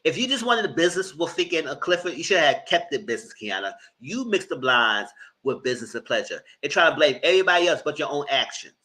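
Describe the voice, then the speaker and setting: A man giving live commentary on a reality TV show, animated and cussing, mocking the people in it. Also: on the high side, quick pace, low-quality recording. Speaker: reality TV reviewer.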